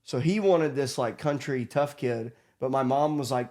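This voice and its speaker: A man's voice: medium pitch, moderate pace. A man in his thirties from Arkansas, a podcast guest telling stories in a casual, laughing way and acting out the people he quotes. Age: 30s. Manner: laughing animated storyteller, acts out quotes. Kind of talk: casual storytelling.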